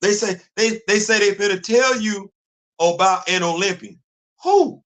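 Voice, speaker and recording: Man, high voice, live stream host, animated, rhetorical questions, repeats himself. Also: normal speed.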